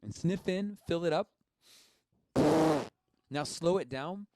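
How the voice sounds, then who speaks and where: A man's voice: a little high, slow, very noisy. A man casually teaching a live-streamed music lesson, encouraging and explaining each step plainly.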